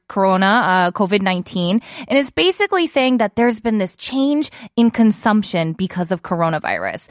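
A woman's voice: medium pitch, dry recording, studio quality. A woman hosting a radio show, chatting casually as she explains words and asks her listeners questions. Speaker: radio show host teaching Korean.

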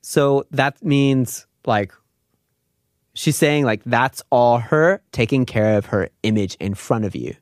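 A man's voice: mid-range voice, takes it slowly, dry recording, clean studio sound. A man teaching Korean phrases in English, chatting casually, laughing often and sliding Korean words into his explanations.

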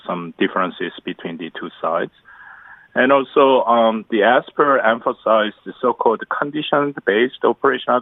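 Low-voiced Korean professor on a phone line. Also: male voice, no room sound. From South Korea. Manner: halting, restarts phrases, grammar slips. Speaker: professor of international studies, guest. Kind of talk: phone interview analysis. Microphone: telephone. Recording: tinny dry phone line.

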